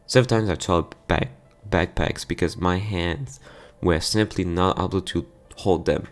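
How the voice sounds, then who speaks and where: A man's voice: deep voice, unhurried, few pauses, faint music behind. A man reading a visual novel aloud for his gameplay channel, stumbling over words now and then. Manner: plain reading with stumbles and sudden outbursts.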